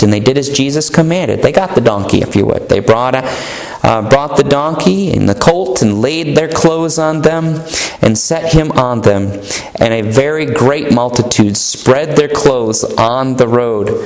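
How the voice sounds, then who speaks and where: A male pastor preaching a sermon in an earnest, emphatic manner, stretching out key words. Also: medium pitch. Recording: echoey room.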